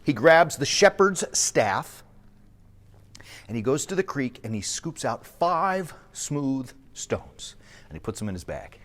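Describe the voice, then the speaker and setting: Priest guy telling a story, lively ups and downs, long echo around him. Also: medium pitch, takes it slowly. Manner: animated, enthusiastic storyteller. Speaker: priest and podcast host. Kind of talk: storytelling sermon podcast. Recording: long echoey reverb.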